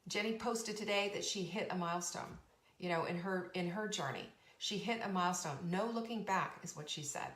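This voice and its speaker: A woman's voice: on the low side, a little fast, a bit bright, echoey room. A woman hosting a motivational talk as a coach, speaking emphatically and earnestly with lots of repetition. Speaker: podcast host and coach.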